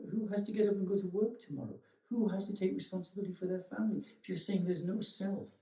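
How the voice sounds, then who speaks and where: A meditation teacher speaks gently and reflectively, with frequent pauses and restarts. His voice sits a little higher than most men's yet sounds mellow and relaxed. He is heard from a distance in a roomy, echoey space. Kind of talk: dharma talk. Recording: echoey room, voice from far off.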